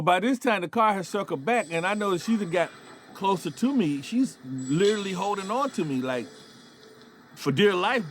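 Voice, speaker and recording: A man in his fifties from North Carolina tells a story in a relaxed, chatty way, full of asides to the listener. His voice sits high. The recording is close and dry. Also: no echo. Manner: loose, conversational, with frequent asides. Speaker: show host and storyteller. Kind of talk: casual personal storytelling.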